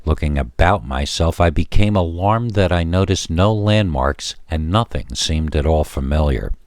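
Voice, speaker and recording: A man reading a first-person spooky story aloud as narrator, steady storytelling. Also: rumbling low, normal speed, no room sound, studio quality.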